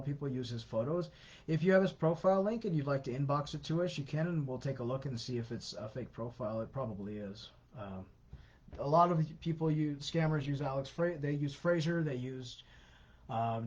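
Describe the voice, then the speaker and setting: A man's voice: a little high, darkish tone. A man hosting a casual Q&A, answering viewer questions in a conversational, advisory way with many fillers. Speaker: host of an anti-scam Q&A. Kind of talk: casual livestream Q&A. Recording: dull lo-fi sound.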